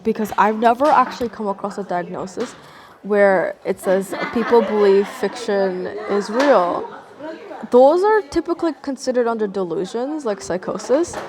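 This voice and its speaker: A woman vlogging a casual, rambling monologue in a sarcastic tone, peppered with "like" and swearing. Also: on the high side.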